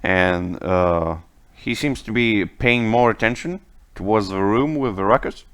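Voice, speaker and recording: A man running a tabletop game as game master, narrating the scene in an unhurried way. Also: lowish voice, clear, resonant tone. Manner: unhurried, lively narration with laughs.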